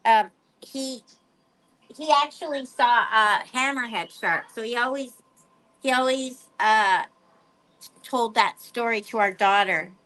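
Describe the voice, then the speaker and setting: A woman with a fairly high voice chats to her pet birds and her viewers. Her talk is playful and rambling, full of casual asides. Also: slow pace, fairly bright tone. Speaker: pet bird vlogger.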